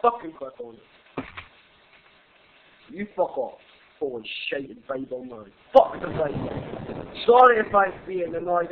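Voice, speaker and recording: A young man talks his way through a horror game, jumpy and swearing as he plays. His voice sits fairly high. The tinny, phone-like mic carries a clear steady hiss. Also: measured pace, long pauses. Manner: jittery, swearing, panicky. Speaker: gamer playing a horror game.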